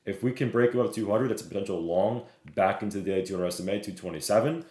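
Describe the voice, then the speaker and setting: A man's voice: on the low side, a little mellow. A man streaming live, walking viewers through stock charts, reading the chat and checking in with "right?" and "okay?". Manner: fast, repeats "right?" and "okay?", reads chat aloud. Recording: roomy echo.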